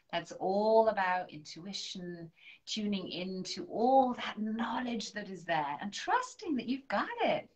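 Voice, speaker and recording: A woman, a spiritual coach, doing a live-stream angel card reading, gently encouraging viewers and leading affirmations aloud. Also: medium pitch, lively intonation, measured pace.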